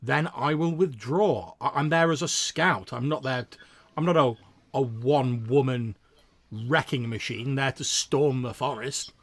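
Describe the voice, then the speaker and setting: Guy doing a blunt proud scout woman, not human, insistent, bit gravelly. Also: medium pitch. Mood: defensive. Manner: brisk, insistent, matter-of-fact.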